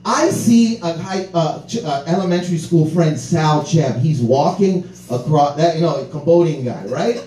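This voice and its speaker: A man telling a comic story in a casual, profane way, animated and laughing as he talks. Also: fairly high pitch, moderate pace, hardly any pauses, roomy sound, distant mic, poor audio. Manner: animated, profane, laughs through his words.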